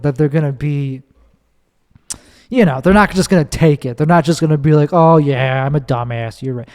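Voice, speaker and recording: A man with a mid-range, dark voice hosts his own podcast, telling a story in a casual solo monologue, rambling and swearing freely. The recording carries a long, echoing reverb.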